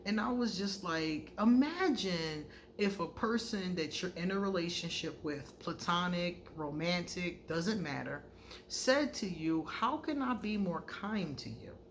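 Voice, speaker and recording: A woman's voice: on the low side, a little slow, slight background noise. A woman tarot card reader talking to her viewers in a casual vlog monologue, frank and conversational, telling stories animatedly. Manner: animated storyteller who acts out quoted dialogue.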